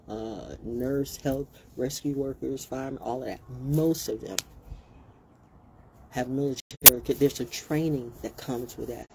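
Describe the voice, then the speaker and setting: A woman giving a blunt, passionate monologue, talking straight to her listeners in a casual and emphatic way. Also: a bass voice. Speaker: motivational speaker. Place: outdoors, birds and passing vehicles. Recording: noisy outdoor recording.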